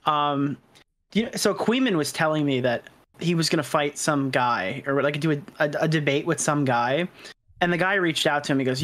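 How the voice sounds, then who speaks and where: A man chatting on a livestream, excitable and sweary, often repeating himself when worked up. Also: fairly high pitch, fairly quick. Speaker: stream co-host. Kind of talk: casual livestream chat.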